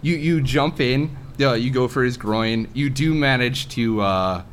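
A man narrating a tabletop game as game master, often halting and laughing through his descriptions. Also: mid-range voice, slight background noise.

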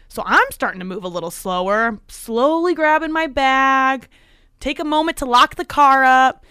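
A woman's voice: high voice, normal speed, clean tone, no room sound, clean studio sound. A young woman co-hosting a casual podcast, telling a story with lots of acted-out quotes. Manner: animated storyteller acting out quotes. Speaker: podcast co-host.

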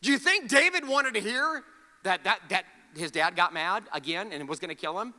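A man preaches with a sharp, ringing tone and a fairly high voice that leaps up and down as he tells the story. He voices the characters himself and has the audience repeat key words. His voice carries a long reverb through a large hall. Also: normal speed. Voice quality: animated storytelling, acts out the characters' lines. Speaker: pastor. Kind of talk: sermon.

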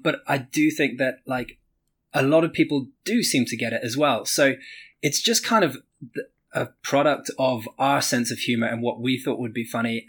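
A man's voice: medium pitch, a bit bright, slightly rough. A man who is a game developer, speaking as a podcast guest in a loose, rambling way full of filler words. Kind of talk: casual interview.

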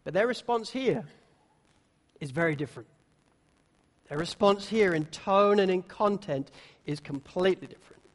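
A man preaching a sermon, now and then acting out the disciples' words in quick little voices. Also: high-pitched, lively intonation. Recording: long hall reverb.

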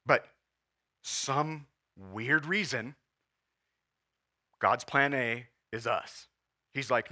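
A man's voice: medium pitch, very slow, long pauses, sharp tone. A man in his forties preaching a sermon as pastor, earnest and emotional, at times holding back tears. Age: 40s. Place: church.

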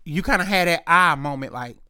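A young man, telling a story in a casual rant, animated and profane, acting out both sides. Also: fairly high pitch, brisk, slight background noise.

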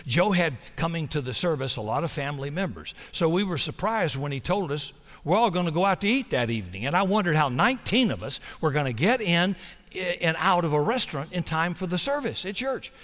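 A male pastor delivers a sermon in a church sanctuary, his voice pitched a little high and full of movement. He shifts from loud, acted-out story moments to quiet invitations. A long hall reverb trails every phrase. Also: sing-song, brisk. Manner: storytelling, swings from loud to hushed.

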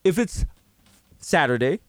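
Animated New guy telling stories. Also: on the high side, unhurried, dry recording. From New York. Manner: animated storytelling, acts out other voices. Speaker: podcast co-host. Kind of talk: casual comedic chat.

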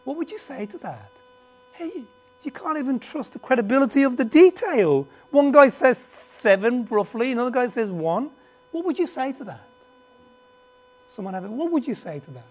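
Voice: medium pitch, expressive, moderate pace, darkish tone. A preacher teaching a Bible class to a live group, conversational, with restarts and asides, who often and emphatically puts questions to the audience and has a slight cough. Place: standing before a group in a meeting room.

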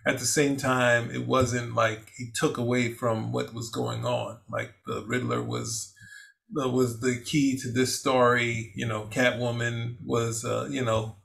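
A man's voice: medium pitch, little pitch movement, measured pace, vocal fry, a bit bright. A man co-hosting a casual film review chat, rambling and restarting often, with easy laughs. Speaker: co-host.

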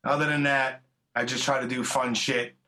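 A man's voice: medium pitch, flat delivery, normal speed, bright, forceful tone. A middle-aged man hosting a podcast, talking in a rambling, chummy, profane way. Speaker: podcast host. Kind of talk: casual interview chat.

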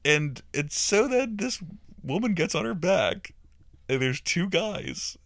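A man's voice: high voice, big pitch swings, takes it slowly, a bit bright, dry recording. A young adult man hosting a podcast, telling a crude comic story in a rambling, profane way and often breaking into laughs.

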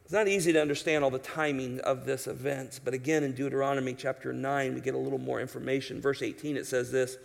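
A man's voice: medium pitch, little pitch movement, fast talker, gravelly, few pauses. A man preaching an expository sermon in an emphatic, conversational way, asking his listeners rhetorical questions. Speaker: pastor.

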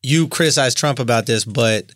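A man's voice: medium pitch, normal speed, a bit bright, no room sound, studio quality. A male comedian in a casual podcast talk, persuasive and arguing his point. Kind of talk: casual chat.

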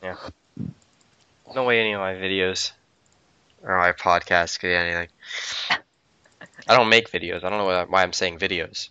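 A man's voice: low-pitched, fairly even intonation, moderate pace, long pauses, pushed and bright, clear, resonant tone, no room sound. A man co-hosting a podcast, joking and bragging sarcastically with his friends. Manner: boastful, sarcastic banter. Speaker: podcast co-host. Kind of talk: casual joking chat. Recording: dull lo-fi audio.

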